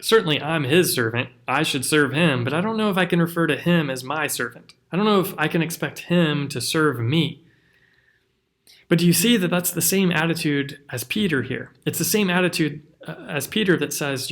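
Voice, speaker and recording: A man's voice: a little high, fairly bright tone. A man, a pastor, giving an earnest, conversational devotional teaching with rhetorical questions.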